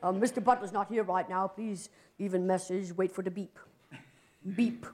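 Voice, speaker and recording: Here is a prim, formal male butler as a woman puts him on, answering the phone for his employer in an answering-machine greeting. He speaks slowly and with stiff politeness, hesitating with small "uh"s, and he sounds a little distant from the mic. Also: medium pitch, fairly even intonation, darkish tone, natural voice.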